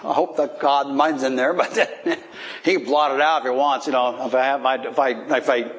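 Speaking briskly with fairly even intonation, a man leads an informal Bible teaching. He poses rhetorical questions to his listeners, chuckles while explaining, and swings his pitch for emphasis.

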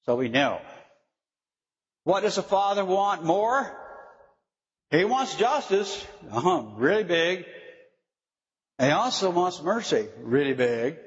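A man preaching a sermon, slow and emphatic, often putting questions to his listeners. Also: high voice. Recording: dull lo-fi recording in a reverberant hall.

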